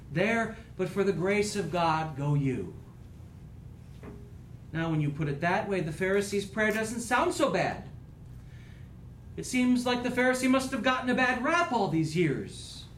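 Pastor guy giving a sermon, kinda high voice, big echo in the sanctuary. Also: fairly bright tone, slight background noise. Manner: earnest, rising and falling preaching cadence.

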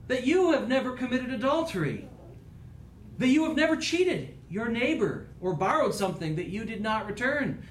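A man's voice: extremely high pitch, reverberant, a little hiss or hum, low-quality recording. A man preaching a sermon as pastor, with an earnest, rising and falling preaching cadence.

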